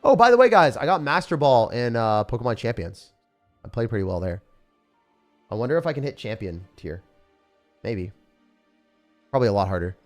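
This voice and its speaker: Young man, game streamer, live commentary, excitable, bursts out loud, faint music underneath. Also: fairly low pitch. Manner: excitable, swings to loud outbursts and laughter. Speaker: streamer playing and rating decks.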